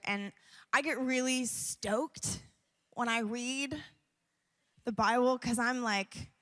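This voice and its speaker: High-voiced young female worship leader, chatty and rambling at a church event. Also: a bit bright, in a large hall. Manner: chatty, rambling, laughs often, many fillers. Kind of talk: sermon-like personal talk.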